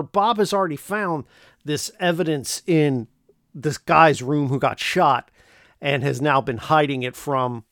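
A man's voice: fairly high pitch, dry recording, studio quality. A man casually retelling a film plot, rambling and joking with lots of fillers. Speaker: podcast host recapping a film. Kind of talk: casual chat.

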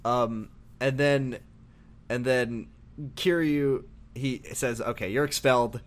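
Casual male co-host, playful storyteller, dips into quick character bits. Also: medium pitch, fairly even intonation. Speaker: co-host recapping a video game. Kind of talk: casual chat.

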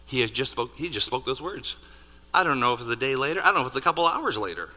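A man preaching a sermon, building to loud peaks on key points and dropping to hushed asides. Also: medium pitch, fast. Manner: animated, rising to near-shouts on emphasis, dropping to hushed asides. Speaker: pastor. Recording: reverberant hall.

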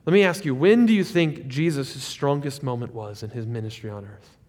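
A male pastor preaching a sermon, animated, rising to loud peaks and dropping to quiet asides. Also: medium pitch, normal speed, in a large hall.

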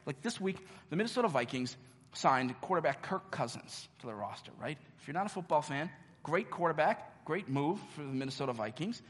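A man preaching a sermon as pastor, earnest, with dramatic pauses and repeated questions. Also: on the high side, animated, fairly bright tone. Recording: long reverb of a large hall.

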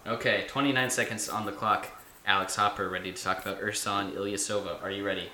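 A man's voice: on the low side, fairly even intonation, fast, pushed and bright, echoey room, slight background noise. A young man hosting a casual podcast, chatty and rambling, joking with his guests. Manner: chatty, rambling, laughs at himself. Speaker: podcast host.

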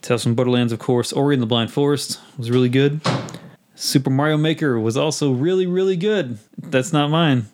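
A man's voice: mid-range voice, brisk, background noise. Man chatting casually about games. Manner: rambling, animated retelling with laughs. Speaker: podcast co-host. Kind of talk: casual game chat.

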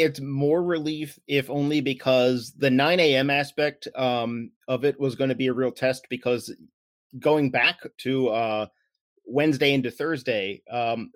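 A man hosts a loose podcast chat in a mid-pitched voice, full of ums and restarts. The sound is dry and close, with no room around it. He talks over a conference call. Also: no room sound. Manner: rambling, many fillers and restarts. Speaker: podcast host. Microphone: remote call.

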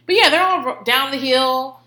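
Bright-voiced woman laughing through a profane recap. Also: sits high, normal speed, roomy sound. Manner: profane, laughing, animated storytelling. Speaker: podcast host. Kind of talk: casual recap chat.

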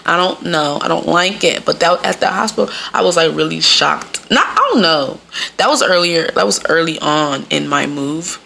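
A woman podcast host from the Midwest talks through a loose comic monologue and slips into the voices of the people she quotes. Her voice sits a little low, with a gravelly fry and a bright, forceful edge. She stays lively and animated throughout. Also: moderate pace. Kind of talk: casual comedic monologue.

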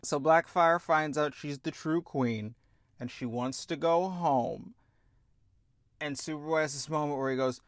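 A man's voice: on the high side, a little slow, no echo, clean studio sound. A man hosting a show, ranting through a TV review with exasperated, profane sarcasm. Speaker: show host.

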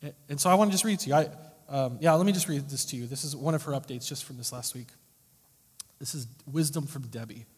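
A man preaching a sermon as pastor, earnest and emphatic, often rising and falling sharply in loudness. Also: medium pitch, fast, breathy edge. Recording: long hall reverb.

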